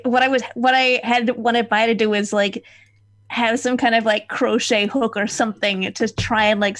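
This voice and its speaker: A woman's voice: mid-range voice, a bit bright. Rambling woman player. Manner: rambling, full of fillers. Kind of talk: tabletop role-play chat.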